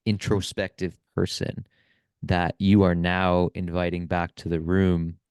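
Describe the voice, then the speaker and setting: A man's voice: sits low, level tone, measured pace, darkish tone, clean tone, no echo, clean studio sound. A man hosting a podcast, talking earnestly and reflectively, often checking in with "right?". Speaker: podcast host. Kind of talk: reflective casual conversation.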